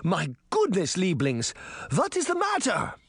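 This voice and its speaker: A man voicing a kindly, unflappable old grandmother who speaks gently and soothingly. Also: high voice, wildly swooping pitch, measured pace, gravelly, husky, no room sound, voice pushed up, heavily acted. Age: older.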